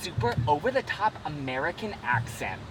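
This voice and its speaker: A young woman teases and commentates as she hosts a casual vlog from a small boat. Her voice is lively and swoops up and down. Loud outdoor wind and motor noise sit behind her. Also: low voice, normal speed. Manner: playful, teasing, commentating.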